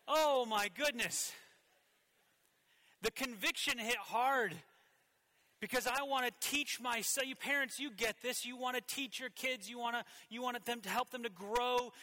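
This thirtysomething pastor has a very high voice. He tells a personal anecdote in a church sermon, alternating energetically between loud passages and whispers.

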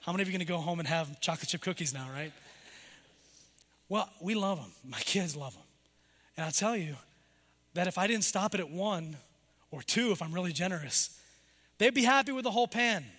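A middle-aged man preaching a sermon, rising for emphasis and then dropping low and soft. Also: expressive, fairly quick, long pauses, in a large hall. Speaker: pastor.

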